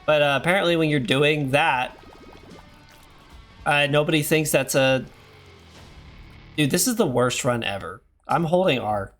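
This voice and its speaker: Male streamer in his thirties, hoarse, rambly and self-deprecating, slightly high voice. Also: a little slow, long pauses, fairly bright tone, faint music behind. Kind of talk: casual gameplay chat.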